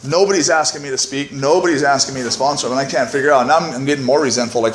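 A man's voice: mid-range voice, racing. A man at a podium microphone shares his story with a recovery meeting in a frank, self-mocking way, with plenty of swearing. His voice sits in the middle range, and the room gives it a roomy echo with a faint hiss underneath. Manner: candid, self-mocking, profane, keeps asking "right?". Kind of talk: personal testimony to a meeting.

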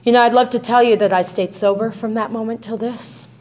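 A woman's voice: on the high side, steady tone, a little fast, darkish tone. A middle-aged woman sharing her recovery story in a personal testimony talk, speaking conversationally with many "right?" tags and restarts.

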